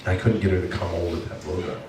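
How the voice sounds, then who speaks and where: Pastor guy telling a story from the pulpit, earnest and emotional, lowish voice, echoey church picked up from far off. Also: steady tone, fast, noisy background. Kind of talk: sermon. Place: church sanctuary. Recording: echoey church heard from afar.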